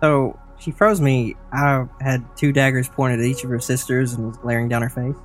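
A man's voice: medium pitch, fairly even intonation, normal speed, soft background music. A man taking part in a tabletop game, speaking both in character and about his character's actions. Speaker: player. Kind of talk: tabletop role-play.

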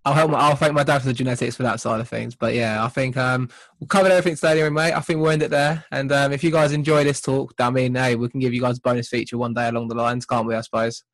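Give me an easygoing podcast host, mid-pitched, recorded dry and close. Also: male voice, racing, no echo. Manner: relaxed, easygoing, says "mate" often. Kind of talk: casual chat.

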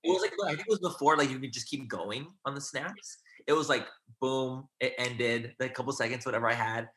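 A young man as an interview guest, chatting casually and gushing in animated asides. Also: mid-range voice, a little fast.

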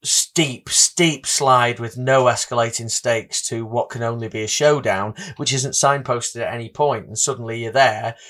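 A man's voice: mid-range voice, moderate pace, few pauses, fairly bright tone. Chatty man reviewing films. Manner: enthusiastic, rambling with restarts. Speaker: podcast co-host. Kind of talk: casual film review chat.

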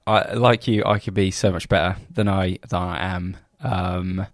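A man's voice: low-pitched, steady tone, a little slow, no echo, studio quality. Hesitant, self-doubting young man. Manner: rambling, self-deprecating, hesitant. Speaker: podcast co-host, business owner. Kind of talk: casual chat.

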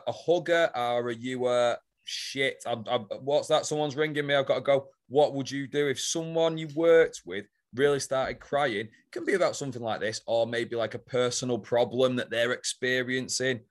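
A man co-hosting a podcast in casual chat, putting questions to the others and teasing them with lots of swearing. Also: medium pitch. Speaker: podcast co-host.

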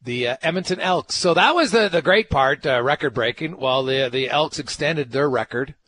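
A man's voice: fairly high pitch, moderate pace, a bit bright. A man hosting a sports talk radio show, emphatic and ranting, firing off rhetorical questions.

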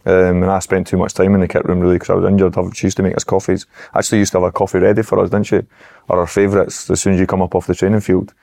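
A Scottish man with a deep, gravelly voice tells rambling stories from his football career. He talks quickly, as a podcast guest in casual chat. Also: completely flat delivery, mellow. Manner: rambling, anecdotal storytelling.

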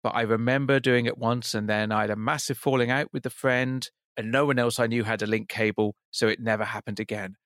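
A British man co-hosting a podcast, telling stories in a relaxed, wry casual chat. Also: medium pitch, a little fast, hardly any pauses, no echo, studio quality. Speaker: podcast co-host.

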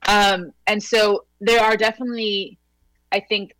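A woman's voice: medium pitch, fairly even intonation, measured pace, fairly bright tone, no room sound, low-quality recording. A woman with a New York Latina accent chatting casually as a podcast guest, laughing often and sprinkling in likes and you-knows. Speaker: actress guest.

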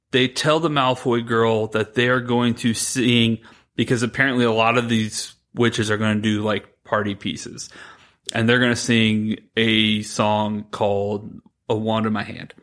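A man co-hosting a podcast, retelling a movie plot in a rambling, animated way, quoting the characters as he goes. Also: medium pitch, a little slow. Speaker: podcast co-host. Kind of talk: casual chat recapping a movie.

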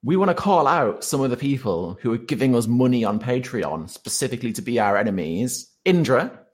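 Animated husky game master. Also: male voice, mid-range voice, fairly quick. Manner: playful, animated narration with laughs. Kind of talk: narrating a tabletop role-playing podcast.

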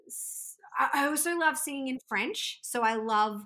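Aussie woman singer chatting on a podcast, bright voice, laughs a lot, keeps restarting. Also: mid-range voice, normal speed, few pauses. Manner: chatty and giggly, with frequent restarts. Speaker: wedding singer and musician. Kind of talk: casual podcast interview.

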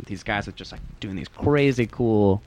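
A man's voice: on the low side, moderate pace, darkish tone, a little hiss or hum. A man chatting casually about music, laid-back and rambling with lots of fillers. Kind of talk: casual chat.

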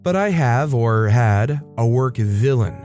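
A man narrating online stories in a steady, matter-of-fact scripted reading. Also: mid-range voice, slow pace. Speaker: story narrator. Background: soft background music.

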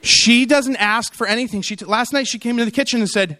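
A man's voice: sits high, fast, hardly any pauses. A middle-aged man giving a humorous keynote speech, telling stories and acting out the people in them. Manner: animated storytelling, acts out quoted voices. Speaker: conference keynote speaker.

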